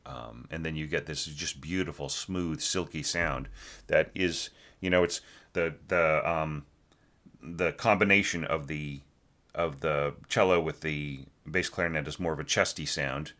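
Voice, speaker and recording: A man's voice: a bass voice, fairly even intonation, measured pace, sharp tone. A man teaching orchestration, critiquing a student's score in a rambling, conversational way, often asking "right?" and sometimes singing a phrase to show it. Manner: sings short phrases to show a melody.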